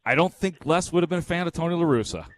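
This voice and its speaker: A man's voice: fairly high pitch, lively intonation, no echo. A man hosting a casual sports radio talk show, chatty and amused. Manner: chatty and amused, quick to laugh. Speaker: radio host.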